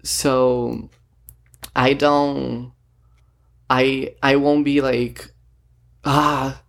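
A man tells a story straight into his own camera, and his voice keeps sinking into a gravelly, creaky fry. He rambles, packs in fillers and acts out snippets of what people said. His pitch sits right in the middle for a man. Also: flat delivery, very slow. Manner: rambling, filler-heavy, retells talks with quoted dialogue. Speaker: vlogger. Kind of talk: casual storytelling monologue. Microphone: self-recorded camera or phone.

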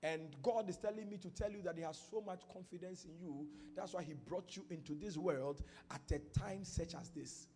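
A man's voice: high-pitched, normal speed, hardly any pauses, noisy background. A Ghanaian man preaching a sermon as pastor, teaching from scripture and building up to fervent declarations. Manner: builds from quiet teaching to shouted prophetic declarations.

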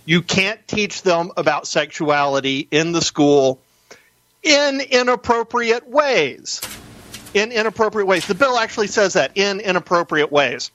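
A man appearing as a guest on a talk radio show, arguing his points in an animated way with quick asides. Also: high voice, dull audio.

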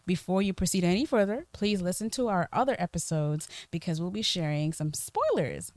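A woman co-hosting a podcast, chatting in a playful, animated and slangy way. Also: lowish voice, a little fast, no echo. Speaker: podcast co-host. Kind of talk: casual podcast chat.

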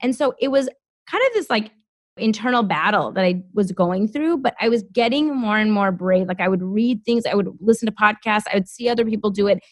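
A woman in her thirties talks through her story as a podcast guest, animated and full of fillers. Her pitch sits in the middle of the range for a woman. She is recorded close and dry, with no room sound. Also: fairly quick, no room sound. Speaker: guest, former lawyer. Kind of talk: casual podcast conversation.

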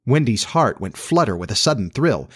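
A man narrating a classic children's story in a steady, measured reading voice. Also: mid-range voice, slightly rough, no room sound, clean studio sound.

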